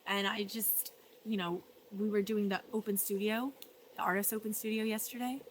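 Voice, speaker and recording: A woman speaks in a reflective personal vlog, her voice sitting in a middle pitch. She talks with earnest emotion, often going soft and quiet, with a little laughter between thoughts. A faint hum of room ambience sits behind her. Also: fairly even intonation, normal speed. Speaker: vlogger. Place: art residency.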